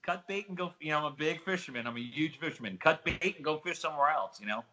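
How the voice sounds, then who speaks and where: A middle-aged man with a New Jersey accent, an excitable storyteller giving an interview as a casino host trainer. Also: on the high side, quick pace, poor audio. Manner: excitable storyteller, calls listener buddy. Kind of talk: animated interview talk.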